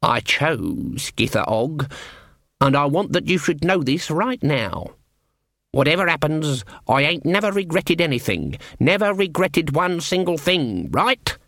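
A man's voice: a little high, sing-song, unhurried, vocal fry, a bit bright, dry recording, clean studio sound, pitched above the performer's own voice, full character voice. A man voicing a proud, stern old witch woman with a blunt, clipped way of talking. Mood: firm.

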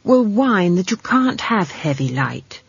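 A woman narrating a comic fantasy audiobook with wry, expressive storytelling and playful asides. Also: mid-range voice, measured pace, vocal fry, breathy edge, highs cut off.

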